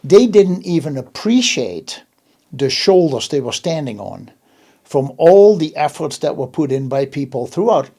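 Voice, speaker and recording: A man's voice: fairly high pitch, very animated, measured pace, mellow. A man hosting an interview in casual chat, emphatic and often restarting his words. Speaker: host.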